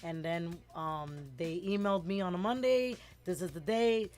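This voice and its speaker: A middle-aged woman, telling a lively story as a guest in a casual interview and acting out the voices of the people in it. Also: on the low side, normal speed, faint music behind. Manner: animated, acts out quoted voices, switches between English and Spanish words.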